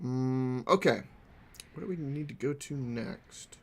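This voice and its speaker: A young man giving playful, excitable commentary while playing a game and answering his chat. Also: medium pitch, slow pace, a little hiss or hum. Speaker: gaming streamer. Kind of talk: casual gameplay commentary.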